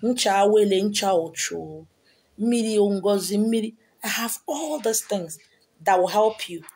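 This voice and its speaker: Husky Nigerian woman lecturing viewers. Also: mid-range voice, lively intonation, a little slow, a little mellow. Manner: emphatic, repetitive, scolding rhetorical questions. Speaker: spiritual teacher selling handouts.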